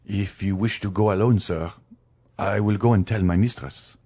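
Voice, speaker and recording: A man voicing a deferential valet who speaks politely and quietly. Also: on the low side, moderate pace, slightly rough. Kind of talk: audiobook character reading.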